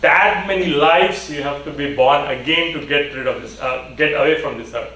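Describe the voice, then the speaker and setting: A man voicing a calm male sage from heaven who answers in a patient, matter-of-fact way, as part of a story told in a hall. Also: fairly high pitch, moderate pace. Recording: echoey hall from far off.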